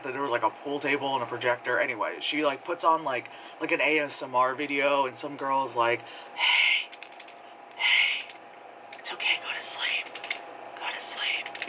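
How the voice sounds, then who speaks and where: Over a noisy background, a man with a mid-range voice casually reviews a film. The movie reviewer rambles, fills his talk with fillers, laughs often as he goes and does impressions of characters.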